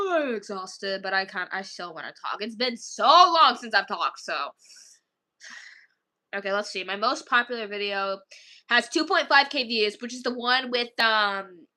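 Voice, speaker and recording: A woman's voice: medium pitch, animated, measured pace, sharp tone. A woman rambling casually to viewers on a livestream, tired and chatty, with sighs between thoughts.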